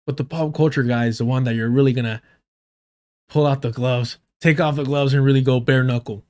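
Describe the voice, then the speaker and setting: A man's voice: mid-range voice, steady tone, brisk, darkish tone, smooth. A man hosting a livestream, giving sarcastic, profane reaction commentary and talking straight to his chat. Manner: addresses chat directly. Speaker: livestream host.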